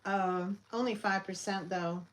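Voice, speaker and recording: A woman hosting a live online sale, chatty and scattered, often pausing with fillers as she shows each item. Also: mid-range voice, steady tone, rough recording. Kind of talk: casual live selling chat.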